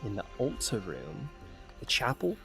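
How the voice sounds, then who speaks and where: A man's voice: lowish voice, wildly swooping pitch, unhurried, vocal fry, a bit bright, faint music behind, full character voice. A man voicing male cultists who gossip and trade rumors in a conspiratorial way.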